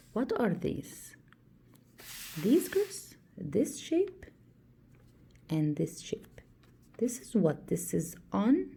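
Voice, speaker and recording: Slow, mellow Egyptian woman teaching poetry. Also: medium pitch, very animated, gravelly. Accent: Egyptian Arabic. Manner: repetitive, asks and answers own questions, counts out stresses. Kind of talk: classroom lecture on poetry. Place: classroom.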